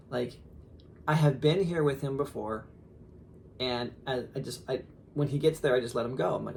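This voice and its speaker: A man in his thirties, a father, telling a story casually on a podcast in an animated way with lots of fillers. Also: medium pitch, a little fast, gravelly, a little hiss or hum. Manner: animated, laughing, lots of fillers and quoted asides.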